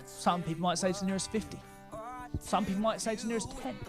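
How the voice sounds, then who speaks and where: Teasing quiz host on a webcam stream, jokey, mid pitch, little music in the back. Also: fast talker. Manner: teasing, joking quizmaster. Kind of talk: casual livestream quiz hosting.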